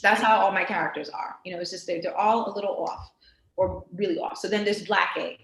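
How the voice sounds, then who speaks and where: A woman with a New York accent, talking as a guest on a video-call interview in an animated, emphatic way. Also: fairly low pitch, brisk. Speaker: guest artist. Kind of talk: casual interview chat. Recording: roomy echo on a video call.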